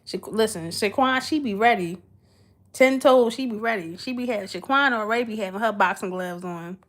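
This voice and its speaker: A woman with a sweet, mid-range voice talks at normal speed as she hosts a livestream. Chatty and giggly, she keeps things casual and talks back to her chat.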